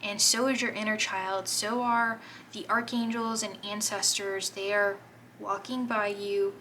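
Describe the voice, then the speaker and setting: Woman, tarot reader, slow delivery, gentle, encouraging, reassuring, gushing, faint room hum. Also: medium pitch, fairly even intonation, rough recording. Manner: gushing over the cards. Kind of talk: spoken tarot reading to viewers.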